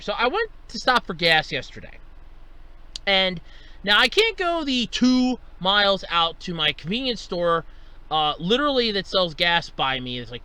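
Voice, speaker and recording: A man's voice: fairly high pitch, sharp tone, clear, resonant tone. A man hosting a solo podcast, telling an everyday story in an exasperated, swearing ranting manner and jumping up in voice when he quotes himself. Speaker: podcast host. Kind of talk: solo casual rant.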